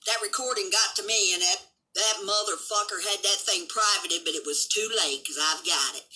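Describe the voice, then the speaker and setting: A woman of seventy hosting a livestream, delivering an angry, combative rant full of swearing and occasional shouting. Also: mid-range voice, rough recording. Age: 70s. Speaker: livestream host.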